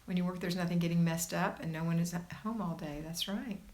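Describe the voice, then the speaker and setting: A woman's voice: fairly low pitch, steady tone, fairly quick, darkish tone. A woman hosting a casual livestream, reading viewer comments aloud and reassuring her viewers in a chatty way. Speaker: homemaking livestream host.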